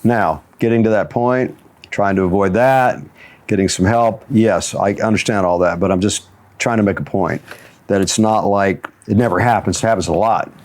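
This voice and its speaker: The jiu-jitsu instructor hosting the motivational talk show has a lowish, slightly mellow voice and talks at a normal speed. His stories come with frequent chuckles.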